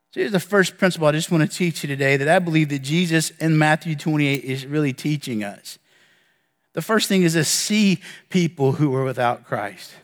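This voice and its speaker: A man preaching a sermon as pastor, earnest, with dramatic pauses and emphatic lists. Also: a little high, in a large hall.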